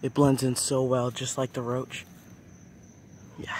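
A man's voice: mid-range voice, completely flat delivery, measured pace, pauses often, darkish tone. A young man talks casually into his phone outdoors at night, his voice sitting in an ordinary middle range. He keeps breaking into squeamish, jumpy exclamations as he narrates. A faint outdoor hiss sits under the recording. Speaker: nature vlogger.

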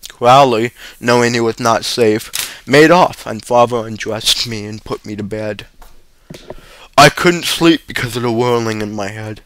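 A man reading a short story aloud as narrator, steady with occasional small stumbles. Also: mid-range voice, unhurried. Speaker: story reader.

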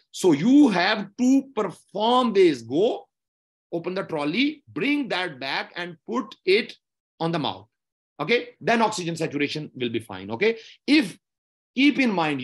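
A man lectures on medical exam steps, his fairly high voice rising and falling a lot. He sounds a bit husky and keeps repeating points and asking "okay?" to check understanding. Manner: repetitive, explanatory, frequent "okay?" checks.

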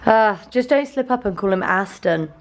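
A woman's voice: medium pitch, expressive, normal speed, no echo. Dry-witted young woman. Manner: dry, teasing. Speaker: vlogger. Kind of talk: casual vlog chat.

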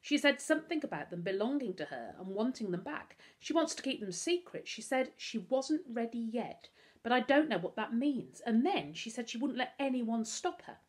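A woman's voice: fairly high pitch, very animated, normal speed, voice pushed up. A woman voicing an anxious, determined boy who pleads urgently and breathlessly. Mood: worried.

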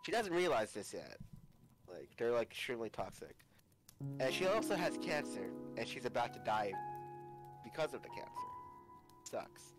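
A man's voice: mid-range voice, very animated, normal speed, pauses often, rough recording. A young man hosting a podcast, chatting casually in a rambling way, swearing and laughing often. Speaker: podcast host. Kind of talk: casual chat. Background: music.

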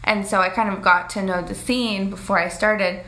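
A woman's voice: mid-range voice, steady tone, normal speed, a bit bright. A young woman from Canada with a Canadian accent, a stand-up comedian chatting as a guest, self-deprecating and full of "like". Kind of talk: casual interview chat.

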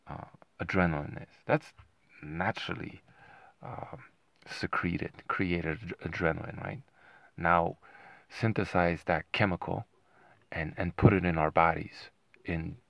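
Sarcastic deep gravelly man ranting. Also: a bit bright, dry recording, highs cut off. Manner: combative, sarcastic, keeps asking "right?". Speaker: boxing commentator. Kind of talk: ranting commentary to camera.

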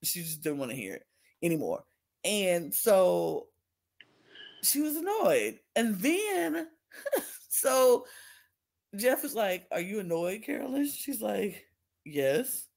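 A woman's voice: slow, vocal fry, long pauses. A woman co-hosting a podcast in a casual recap chat, indignant and venting, acting out the quotes she retells. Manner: animated, acts out quotes with big pitch jumps. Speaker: podcast co-host.

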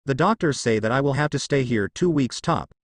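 A man lends his voice to a shy teenage girl ninja who stammers over her words. The voice rises and falls in lively turns, and the recording is close and dry with no room around it. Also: mid-range voice, brisk, no room sound, natural voice. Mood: timid. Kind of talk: fan fiction reading.

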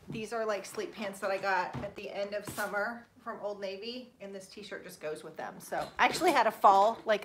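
A woman's voice: a little high, a little hiss or hum. A woman from Florida chatting casually while hosting a live stream, greeting viewers by name, laughing often and apologizing when she mispronounces names. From Florida, USA. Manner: apologetic and self-deprecating about pronouncing names. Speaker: livestream host.

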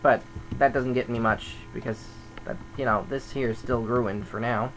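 A man chatting casually over his gameplay, grumbling and thinking aloud as a server admin. His voice sits at an ordinary middle pitch. A faint electrical hum runs underneath. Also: fairly even intonation, moderate pace, a bit bright, poor audio.

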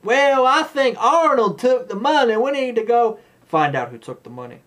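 A man's voice: extremely high pitch, sing-song, moderate pace, a bit bright, voice pushed up, exaggerated voice. A man putting on a Southern US drawl to mock a bossy female police detective. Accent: Southern US, put on. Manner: drawling, demanding.

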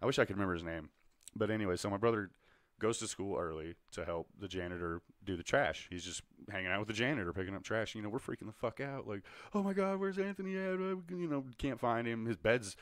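A man telling stories on a podcast, lower-pitched and bright, with a forceful edge. He rambles, swears, and acts out quoted voices with bursts of energy. The sound is dry and close. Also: quick pace, dry recording. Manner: animated, acts out quoted voices with loud laughing outbursts; swears freely, rambling restarts. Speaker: podcast co-host. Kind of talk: casual storytelling chat.

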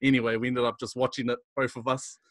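Animated young man with a New Zealand accent. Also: mid-range voice, fast, dry recording, studio quality. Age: young adult. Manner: animated, laughing storyteller. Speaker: podcast guest. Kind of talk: casual chat.

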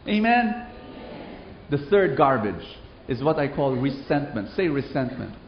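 A man preaching and telling stories to a congregation, animated and asking for responses. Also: medium pitch, unhurried, noisy background. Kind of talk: sermon with storytelling. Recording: roomy, dull hall recording.

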